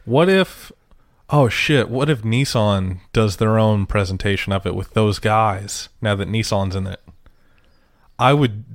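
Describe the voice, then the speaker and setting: A man's voice: on the low side, measured pace, no echo, studio quality. A man co-hosting a podcast in casual chat, loose and talkative, swearing freely. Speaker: podcast co-host.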